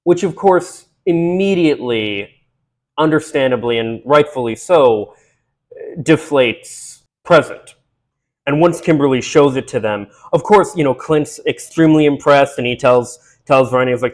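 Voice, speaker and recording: A man casually recapping a film, rambling with fillers and restarts, and briefly acting out the characters' lines. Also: mid-range voice. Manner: acts out characters' lines in quick voices. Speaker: movie recap host.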